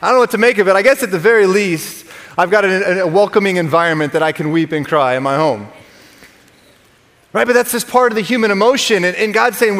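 A man's voice: high voice, brisk, a bit bright. A man in his thirties preaching a sermon to a congregation in a conversational way, often restarting his words and joking with the listeners. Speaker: pastor. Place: church sanctuary. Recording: long hall reverb.

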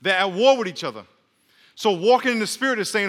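A man's voice: high voice, quick pace, a bit bright, in a large hall. A man, a pastor, preaching a sermon with call-and-response and joking asides. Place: church sanctuary.

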